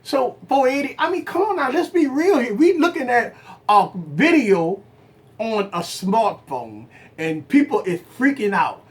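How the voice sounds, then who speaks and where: Speaking at a measured pace, this man hosts a tech livestream and debates his opinions with the audience, calling them "guys." He's a channel host and business owner whose animated pitch rises and falls. Repetition and rhetorical questions hammer his arguments home.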